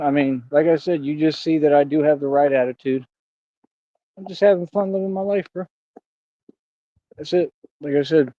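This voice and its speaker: A man's voice: fairly high pitch, no echo, muffled recording. A man ranting casually on a livestream, rambling and aggrieved, slipping into preachy declarations. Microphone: streaming mic.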